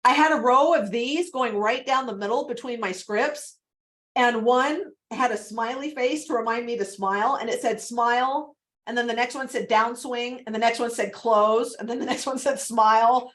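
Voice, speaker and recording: A woman coaching on a video call, chatty and animated, laughing often as she talks. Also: fairly high pitch, brisk. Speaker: real estate prospecting coach.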